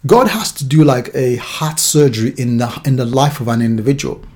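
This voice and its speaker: A man's voice: medium pitch, normal speed, a little mellow. A man preaching a sermon in a loose, conversational way, acting out little voices in his examples. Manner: conversational, with acted-out asides.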